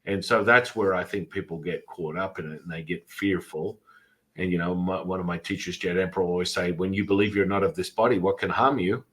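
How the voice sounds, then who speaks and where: A man with a fairly low voice hosts a casual podcast interview. He rambles, circles back and repeats himself, and he leans on filler words as he goes. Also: brisk. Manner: does animated voices when telling stories. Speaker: podcast host. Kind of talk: casual spiritual interview chat.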